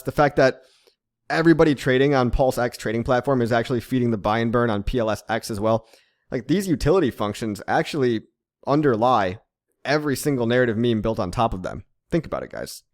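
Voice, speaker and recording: A man's voice: medium pitch, animated, fast, darkish tone. A man hosting a crypto channel, talking casually to viewers, dropping "okay" and "right" as tag questions and chuckling at his own jokes. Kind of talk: casual explainer monologue.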